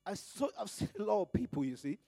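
A man from Nigeria preaching a fervent sermon in a high, mellow voice. He surges into loud, emphatic peaks, drops to hushed asides, and stretches out the scripture he quotes. The recording is close and dry, with no room sound. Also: lively intonation, fast, breathy edge, no echo.

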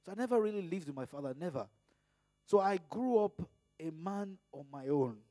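Passionately preaching, a man from Nigeria alternates booming emphasis with quiet asides and stretches out his scripture readings. He speaks in a high-pitched, expressive voice. The recording has no room sound at all.

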